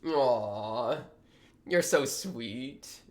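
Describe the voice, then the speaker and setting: A young man hosting a reaction video, talking casually and excitably with a lot of slang as he reacts to what he watches. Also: medium pitch, very slow. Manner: excitable, slangy, thinks aloud.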